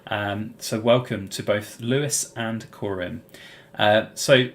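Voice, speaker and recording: A man's voice: on the low side, steady tone, takes it slowly, fairly bright tone. A British man hosting a casual live-stream Q&A, answering viewers' chat questions in a rambling way with plenty of "um" and "uh". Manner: rambling, many fillers and restarts.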